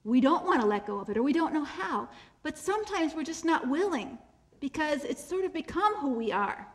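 Woman, high voice, keynote speaker, faith-based motivational talk, expressive, softens for emphasis, repeats key phrases. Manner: expressive, slows and drops to a soft voice for emphasis; repeats key phrases to drive them home.

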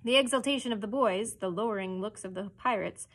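A woman librarian reading a children's chapter book aloud with expressive storytelling narration. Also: mid-range voice, brisk.

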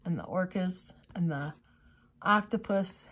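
Slow-talking, gushing woman crafter. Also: on the low side, a bit bright, breathy edge. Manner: gushing, exclamatory, chatty asides to viewers. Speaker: craft vlogger. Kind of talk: casual unboxing commentary.

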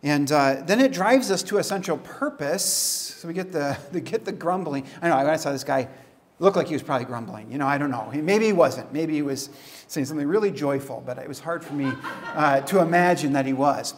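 A man as pastor, preaching a casual, conversational sermon with chatty asides and quick laughs. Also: on the high side, animated.

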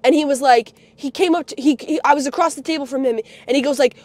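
A woman's voice: high voice, fast, few pauses. A young woman livestreamer ranting bitterly, full of profanity and heated outbursts. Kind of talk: livestream rant.

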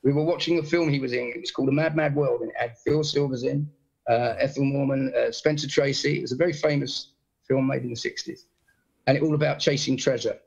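A middle-aged man, a guest comedian, telling animated stories with blunt swearing over a video call. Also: medium pitch, quick pace, vocal fry, slightly rough, lo-fi sound. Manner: animated storyteller, frequent impressions, blunt swearing. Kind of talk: casual anecdote telling.

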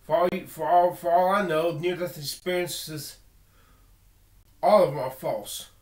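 A man's voice: fairly high pitch, a little slow, a little mellow, reverberant. A man giving an earnest personal monologue, emphatic and full of repeated words and restarts. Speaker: video blogger.

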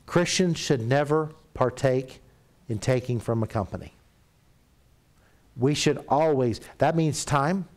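A middle-aged man preaching a sermon in a church, telling stories and acting out quoted voices, at times dropping to a soft, confessional tone. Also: mid-range voice, takes it slowly, long pauses.

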